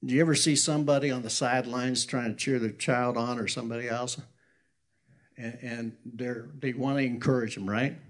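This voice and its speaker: A man preaching an informal sermon in a conversational way, restarting his sentences and acting out the people he quotes. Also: mid-range voice. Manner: conversational, acts out quotes loudly, self-correcting.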